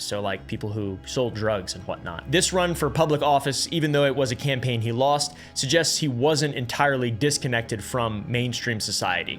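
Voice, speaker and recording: A man narrates a casual explainer in a middle-pitched voice and keeps cutting in with sarcastic, crude asides. Soft music plays low behind him. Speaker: YouTube host.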